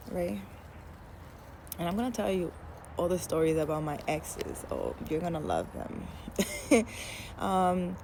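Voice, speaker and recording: Woman, casual storytelling, candid, dark mellow tone, faint background hiss. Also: fairly low pitch, vocal fry. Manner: chatty, candid, laughs at own story. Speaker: spiritual storyteller.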